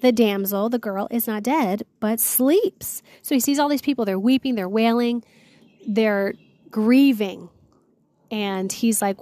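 A woman's voice: on the high side, measured pace. Earnest woman retelling scripture casually. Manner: reads scripture aloud, then retells it in chatty slang; earnest, awed, often exclaims "wow". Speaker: host of a Bible devotional series. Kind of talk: casual Bible reading and reflection.

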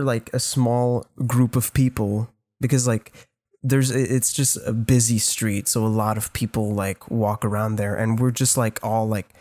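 A young man from Canada tells a story on a casual podcast, tripping over restarts and filler words and swearing freely. His voice sits at an everyday middle pitch. The sound is dry and close, with no room echo. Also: a little mellow. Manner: rambling, profane, many fillers and restarts. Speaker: podcast co-host.

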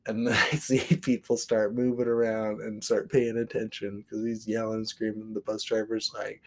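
A man's voice: fairly low pitch, flat delivery, moderate pace, hardly any pauses. A man from the Portland area hosting a podcast, telling a story casually with lots of swearing and filler words. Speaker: podcast host.

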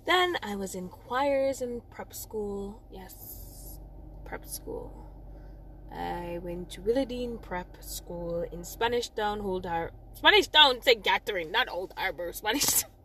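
A young woman from Jamaica with a Jamaican accent, telling a personal story in a rambling, animated way, often correcting herself and laughing at herself. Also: mid-range voice, slow, a little hiss or hum.

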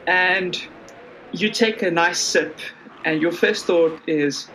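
A woman narrating as game master of a tabletop game in a lively, playful way with wide pitch swings. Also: slow, slight background noise, rough recording.

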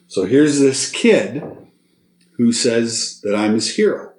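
A man, a guest in an interview, telling a long story in an animated way and checking in with his listener as he goes. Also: mid-range voice, slow pace. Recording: roomy echo.

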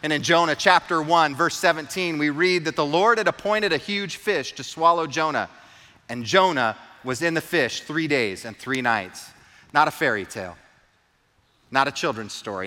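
A man's voice: medium pitch, bright, forceful tone, big-room sound. A man preaching a sermon, retelling a story with earnest, emphatic repetition. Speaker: pastor.

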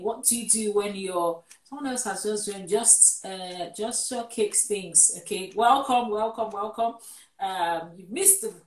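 Woman hosting a live show in an echoey room. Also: medium pitch. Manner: affirming, sums up and wraps up the episode. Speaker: host of a church-run show on relationships.

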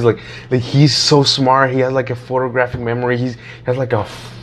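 A young man chats casually about his student days, rambling from story to story with plenty of swearing. He gets animated when he acts out his friends' lines. A faint hum sits under the recording. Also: mid-range voice, brisk, hardly any pauses. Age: young adult. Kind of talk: casual chat.

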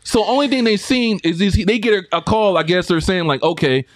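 A man's voice: high voice, no room sound. A man with a slightly raised voice races through a story, cursing and stressing every turn. He sounds emotionally drained. The sound is dry and close. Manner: rapid, profane, emphatic retelling. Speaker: podcast co-host. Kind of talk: casual storytelling chat.

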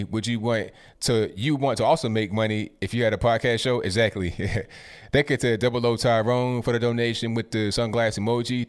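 A man in his twenties or thirties runs a live stream, reading out viewer messages one after another in a mid-pitched everyday voice. He tosses off short, casual reactions between them, speaking close to a desktop mic. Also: smooth. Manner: casual, quick asides after each message. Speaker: political commentary host reading viewer messages.

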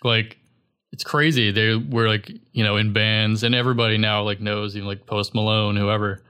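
A man's voice: lowish voice, steady tone, normal speed, pushed and bright, clean tone. A young man chatting casually as a podcast guest, rambling loosely with lots of filler words. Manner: rambling, filler-heavy, laid-back. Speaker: guest musician.

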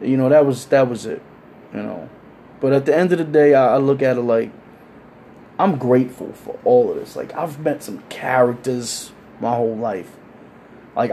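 A man telling crude stories in casual chat, animated and acting out the people he quotes. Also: medium pitch, a little fast, slight background noise. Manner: animated, acts out quoted voices. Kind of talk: casual profane storytelling.

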